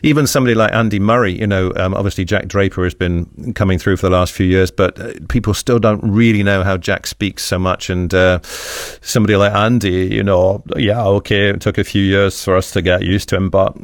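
Man, middle-aged, very low voice, rapid chatty storytelling, radio interview guest. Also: steady tone, no echo, studio quality. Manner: chatty, anecdotal, rambling with restarts.

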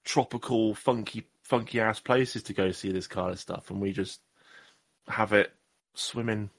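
Guy rambling on a podcast, lowish voice, jokes at his own expense. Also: a little slow. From Southwest England. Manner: jokey, rambling, self-deprecating. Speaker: podcast co-host. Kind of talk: casual chat.

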